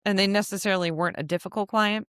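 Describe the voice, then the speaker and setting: A woman's voice: medium pitch, fairly even intonation, rapid-fire, a bit bright, clear, resonant tone, dry recording, studio quality. A woman hosting a casual solo podcast, chatty and laughing often as she acts out little quotes. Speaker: podcast host.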